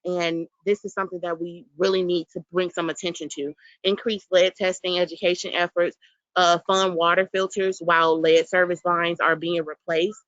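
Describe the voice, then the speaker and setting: Mother at public hearing, lowish voice, dry muffled remote audio, earnest and halting. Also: little pitch movement, a bit bright, no echo. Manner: earnest, emotional, halting with fillers. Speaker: public commenter, concerned parent. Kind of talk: public testimony at a council hearing. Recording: dull, muffled call audio.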